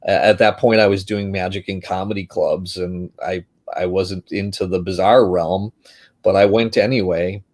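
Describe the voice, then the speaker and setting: A man's voice: low-pitched, steady tone, normal speed, darkish tone. A man chatting on a video call, reminiscing with frequent laughter. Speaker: guest magician. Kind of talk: casual chat.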